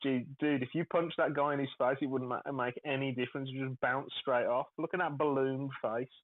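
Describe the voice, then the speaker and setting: Brief: trader, jokey, swears, bone-dry tinny phone-line sound. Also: male voice, medium pitch, fairly even intonation, fairly quick, no echo. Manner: joking, swears freely, laughs at himself. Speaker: day trader on a group stream. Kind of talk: casual banter. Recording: tinny phone-like call audio.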